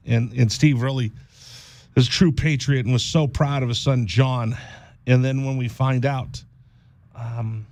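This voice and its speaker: A man hosting a radio show, speaking in a halting, heartfelt monologue, often repeating words and close to tears. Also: medium pitch, creaky, darkish tone, no room sound. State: teary-eyed. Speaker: radio host.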